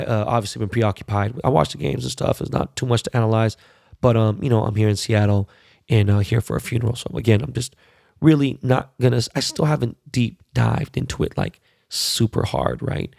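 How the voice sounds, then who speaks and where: A man with a gravelly, fry-edged voice rants as a podcast host. He is profane and heated, and hammers his points by repeating words. The sound is dry and close. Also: medium pitch, darkish tone, no echo. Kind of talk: casual ranting commentary.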